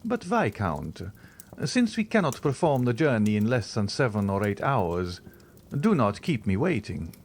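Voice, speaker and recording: A man reading the part of a mysterious, reserved count who speaks in a measured, sighing way. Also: mid-range voice, big pitch swings.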